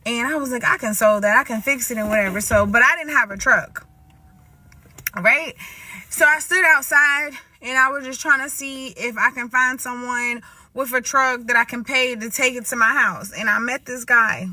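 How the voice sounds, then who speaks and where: A woman's voice: fairly high pitch, normal speed, bright, forceful tone, no echo, far from the mic. A woman casually telling a rambling story, restarting sentences and often asking "right?".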